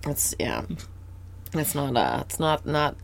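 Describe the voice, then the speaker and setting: Woman co-host, low voice, dry sarcastic recap chatter. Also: wildly swooping pitch, slow, gravelly. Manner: sarcastic, laughs often, puts on voices for characters. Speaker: podcast co-host. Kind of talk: casual recap chat.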